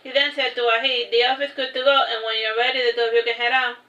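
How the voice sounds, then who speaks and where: A woman's voice: fairly high pitch, flat delivery, quick pace, sharp tone. A woman reading her own novel aloud on a livestream, adding casual asides between passages. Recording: roomy, dull lo-fi stream audio.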